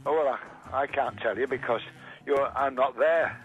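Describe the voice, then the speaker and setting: A man's voice: medium pitch, normal speed, breathy edge. An older man chatting politely and hesitantly on a phone call, often restarting his sentences. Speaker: prank call target. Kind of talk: phone conversation. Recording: muffled phone audio with faint music.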